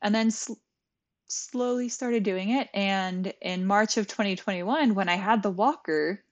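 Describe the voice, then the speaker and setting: A woman's voice: mid-range voice, measured pace. A young adult woman and yoga teacher, talking as a podcast guest, telling her story candidly with lots of "like". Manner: candid, frequent "like", acts out her own past thoughts. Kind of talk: conversational storytelling.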